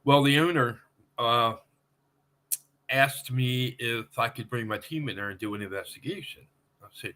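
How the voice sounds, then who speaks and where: A man with a bright, sharp-edged voice of middle pitch hosts a podcast. He chats in a relaxed, conversational way. His speech is easy and unhurried. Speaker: podcast host. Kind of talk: casual podcast chat.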